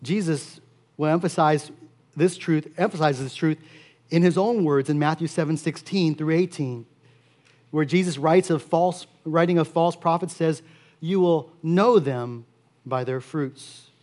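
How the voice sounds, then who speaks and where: A man preaching a sermon as pastor, earnest and steady, repeating key phrases for emphasis. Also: fairly high pitch, measured pace.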